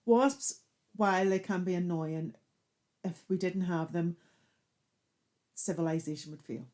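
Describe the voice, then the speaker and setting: A woman's voice: lowish voice, unhurried, a little mellow. A woman in her fifties chatting casually as a podcast co-host. She speaks in a dry, matter-of-fact way and turns playfully dramatic now and then. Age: 50s. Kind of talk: casual chat.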